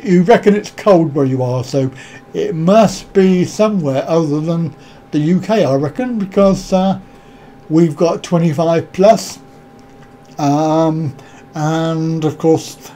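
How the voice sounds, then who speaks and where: A man's voice: fairly high pitch, animated, slow, mellow, slight background noise. A man hosting a casual live stream, rambling and joking as he greets viewers by name and answers their comments.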